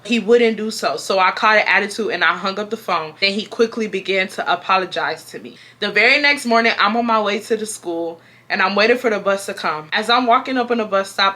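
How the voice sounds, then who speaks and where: A woman in her twenties from Houston, Texas, reading a viewer's story aloud on her vlog and joking about it. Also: medium pitch. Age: 20s. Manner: animated and playful, laughing and joking between parts. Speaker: YouTuber.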